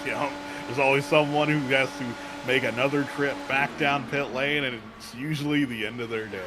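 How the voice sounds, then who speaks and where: A man's voice: mid-range voice, steady tone, normal speed, background noise. A man giving color commentary on a sim racing broadcast, offering short, agreeable analysis.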